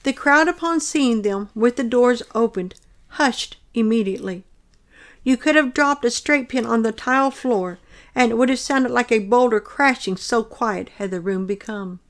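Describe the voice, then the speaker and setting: A woman earnestly reading aloud a detailed account of her own dream in a measured, descriptive way. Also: fairly high pitch.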